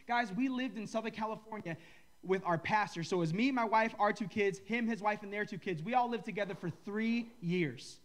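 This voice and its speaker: A man's voice: sits high, fairly quick. Joking, conversational male preacher. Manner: conversational, joking, ribs the audience. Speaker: pastor. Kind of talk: sermon.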